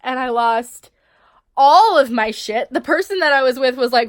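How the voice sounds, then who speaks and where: A woman's voice: sits high, lively intonation, unhurried, no room sound, clean studio sound. A young woman talking to camera in a casual vlog, emotional and swearing, full of fillers. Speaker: vlogger.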